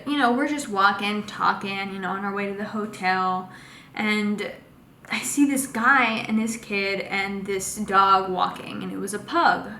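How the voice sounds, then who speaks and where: A young woman casually telling a personal story in a vlog, animated and full of fillers. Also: medium pitch. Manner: animated, acts out quotes with lots of fillers. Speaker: vlogger. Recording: echoey room with faint noise.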